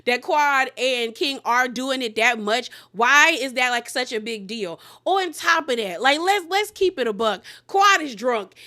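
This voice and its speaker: A woman casually recapping a reality show, animated and laughing often, quoting people in sassy asides. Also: high-pitched.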